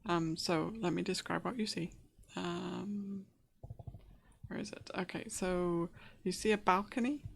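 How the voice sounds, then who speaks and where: A woman's voice: fairly low pitch, steady tone, measured pace, gravelly, a little hiss or hum. A woman running a tabletop game as game master, describing scenes hesitantly with many fillers and restarts.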